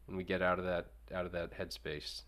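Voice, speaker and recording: A man co-hosting a casual chat, talking haltingly with many fillers. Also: deep voice, level tone, fairly bright tone. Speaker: co-host.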